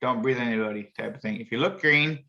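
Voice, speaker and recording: A man's voice: medium pitch, fast talker, bright, forceful tone. A man hosting a casual video call show, reading jokes aloud in a rambling, chuckling way. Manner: chuckling, rambling joke-teller. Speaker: show host. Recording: muffled video call audio.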